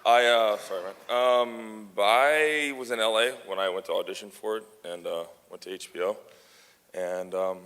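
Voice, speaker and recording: Man with bright, reverberant panel voice. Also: fairly low pitch, normal speed, clear, resonant tone. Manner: animated, laughing, swearing freely. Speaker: actor on a fan convention panel. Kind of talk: casual panel storytelling. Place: large convention hall. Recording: reverberant hall, faint noise.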